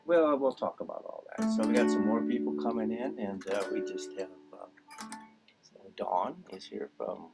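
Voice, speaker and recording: A man's voice: on the low side, moderate pace, creaky, low-quality recording. A man teaching a music class over a video call, rambling through homely analogies. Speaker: dulcimer teacher. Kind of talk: casual class introduction.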